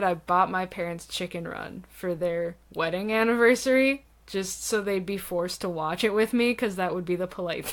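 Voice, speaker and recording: Woman cohosting a movie podcast, lively, laughs a lot, lots of likes and ums. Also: on the low side. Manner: animated, laughing, many fillers. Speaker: podcast co-host. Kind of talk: casual film discussion.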